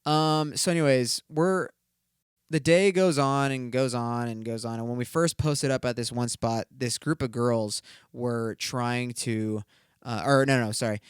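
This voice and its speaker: A man's voice: mid-range voice, fairly even intonation, measured pace, smooth, no room sound, studio quality. A young man hosting a solo podcast, telling a story in a rambling, profane way, full of fillers. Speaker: podcast host.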